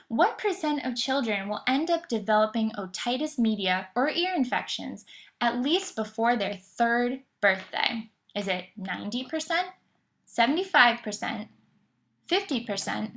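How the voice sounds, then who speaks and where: A woman's voice: fairly high pitch, lively intonation, measured pace, a bit bright. Woman, lecture voice-over, methodical explainer, occasional um and restarts. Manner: explanatory, occasional fillers and self-corrections. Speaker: presenter of an educational slideshow. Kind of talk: scripted educational narration.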